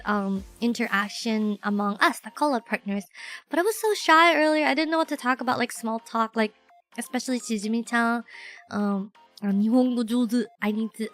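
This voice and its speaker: A bubbly woman chatting on a livestream, her voice high and sparkly. She talks in an animated, self-deprecating way, full of fillers, and slides between English and Japanese. A little music plays faintly behind her. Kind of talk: casual livestream chat.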